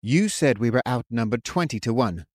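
A man voicing an earnest young man who speaks in a steady, comforting and imploring way. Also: medium pitch, moderate pace, no echo, clean studio sound, close to an everyday voice. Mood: reassuring.

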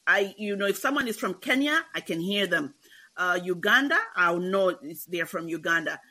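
A woman from Zambia, explaining her views calmly in a casual discussion. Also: medium pitch. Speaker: book club guest.

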